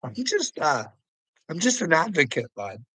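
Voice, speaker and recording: Here a vlogger rants at a critic, swearing, chuckling a lot, and mockingly calling him "bud" in a casual, meandering way. His voice is a little high with wildly swooping pitch, a sharp tone and a breathy edge, and he speaks a little slowly. There's no room sound, but the audio is poor.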